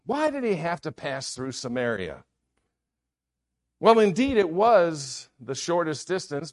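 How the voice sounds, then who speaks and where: A man preaching a sermon in an earnest manner, often repeating key phrases. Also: medium pitch.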